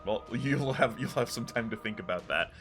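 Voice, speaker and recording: A man running a tabletop game as game master, relaxed and joking, laughing often. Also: medium pitch, normal speed, faint music behind.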